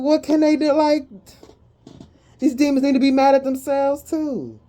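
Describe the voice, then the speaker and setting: A woman does a tarot and energy reading for her viewers, her voice pitched a little high. She talks in a lively, slangy way, now and then letting out a sudden excited whoop.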